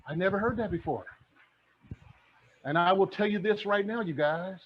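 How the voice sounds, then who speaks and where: Middle-aged male mentor, high husky voice, fiery motivational pitch, muffled lo-fi recording. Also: brisk. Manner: fired-up, preachy, repeats phrases. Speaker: guest speaker, real estate mentor. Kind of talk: motivational talk. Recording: dull lo-fi sound.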